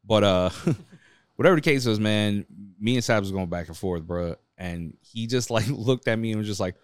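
A man's voice: fairly low pitch, normal speed, clear, resonant tone, dry recording, clean studio sound. A man co-hosting a podcast in a loose, casual chat, telling stories with frequent laughter and acting out the people in them. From New York. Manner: laughing often, acts out voices in his stories. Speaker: podcast co-host.

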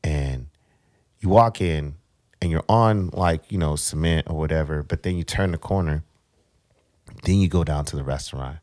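A man's voice: a bass voice, moderate pace, pauses often, a little mellow, dry recording, clean studio sound. A man casually telling a rambling travel story, repeating words as he goes.

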